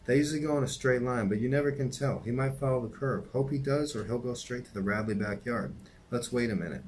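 A man reading a novel aloud, voicing a calm, cautious middle-aged sheriff who speaks in a measured way. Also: medium pitch, slight background noise, natural voice.

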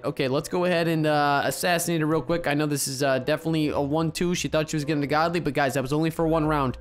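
A gaming video host giving casual, excitable gameplay commentary and chatting with viewers. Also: mid-range voice.

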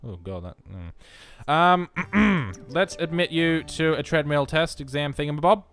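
A man's voice: a little high, animated, unhurried, fairly bright tone, soft background music. A young man giving casual, self-mocking let's-play commentary, chatting to the game as he plays. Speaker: gaming video host.

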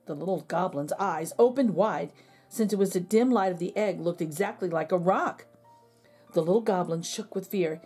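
A woman reading a children's picture book aloud in a slow, expressive storytelling manner. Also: on the low side, husky, faint music behind.

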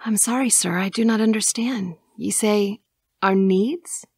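A woman's voice: medium pitch, expressive, measured pace, vocal fry, breathy edge, dry recording, clean studio sound, voice pushed up, full character voice. A woman voicing an innocent, nervous young village maiden who speaks in old-fashioned, polite phrases in an audiobook. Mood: alarmed. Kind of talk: audiobook character voice.

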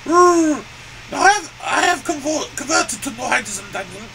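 A man's voice: very high-pitched, lively intonation, normal speed, creaky, pushed and bright, soft background music, exaggerated voice, poor audio. A man voicing a crude, boastful, grumpy male elephant puppet that cries "ooh" and rants with profanity. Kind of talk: puppet comedy sketch.

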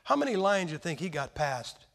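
An American man preaching a sermon, telling stories with lively emphasis and sudden swings between loud and quiet. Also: fairly high pitch, normal speed, gravelly. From United States. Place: church hall with a crowd. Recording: long reverb from a large hall.

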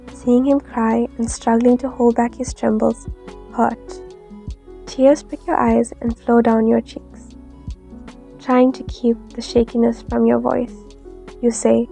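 A woman reads a fanfiction story aloud in a soft, steady manner. Her voice is mellow and gravelly, sitting a bit high but barely moving in pitch, with faint lofi music behind. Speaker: narrator. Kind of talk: fanfiction reading.

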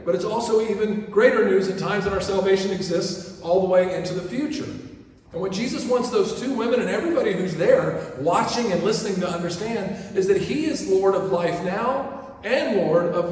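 A man preaching a sermon as pastor, shifting from loud quoted pleas to hushed asides. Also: high-pitched. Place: large church sanctuary. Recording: echoey church from far off.

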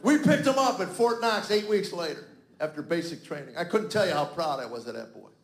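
A man's voice: a little high, lively intonation, a little fast, some chatter behind, slight background noise. A man in his fifties doing stand-up comedy, acting out arguments with his family as an exasperated dad. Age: 50s. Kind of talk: stand-up storytelling. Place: stage before a live audience. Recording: roomy live venue sound.

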